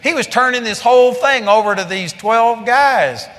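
A male preacher delivering a blunt, forceful sermon. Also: very high-pitched, moderate pace, long reverb tail.

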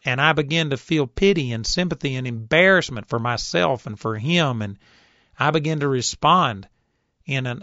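A man preaching a sermon, telling a story and rising to forceful shouts when he quotes someone. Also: on the high side, no room sound, dull audio. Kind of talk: sermon teaching.

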